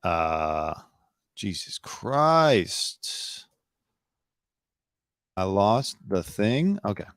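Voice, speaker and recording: Man hosting a live opinion show, very low voice, dry close sound, blunt and sarcastic, rambling. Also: sing-song, extremely slow, pauses often, fairly bright tone, dry recording. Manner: loose and rambling, with fillers. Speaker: host of a live news commentary show.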